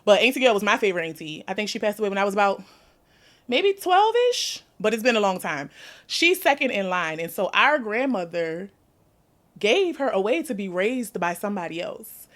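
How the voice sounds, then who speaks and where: A woman's voice: mid-range voice, animated, brisk, fairly bright tone. A woman in her thirties with a New Orleans accent, hosting a candid podcast conversation and laughing often as she talks. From New Orleans, USA. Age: 30s. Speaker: podcast host.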